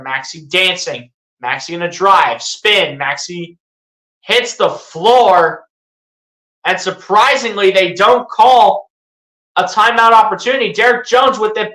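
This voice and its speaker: Calling basketball live, an excitable fan speaks with a bright, forward, mid-range voice that echoes around a roomy space. Steady play-by-play keeps boiling over into sarcastic jabs and pleas.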